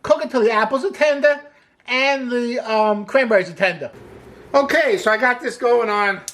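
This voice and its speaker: In a casual cooking demonstration, the host speaks at normal speed and a middle pitch, often beginning with "hey" and repeating "wonderful" as praise. The mood stays upbeat and chatty, full of quips the host laughs at.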